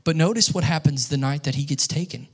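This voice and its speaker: A young man preaching a sermon, telling stories and getting louder and more animated as he acts out scenes. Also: a little high, brisk, breathy edge. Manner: storytelling, grows excited and loud when acting out scenes.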